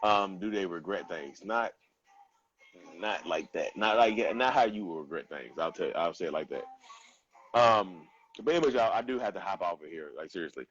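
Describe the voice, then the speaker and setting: Deep-voiced man hosting a livestream. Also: animated, moderate pace, a bit bright, slightly rough, dull audio. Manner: blunt, slangy, addresses viewers as y'all. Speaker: livestream host. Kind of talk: casual livestream chat.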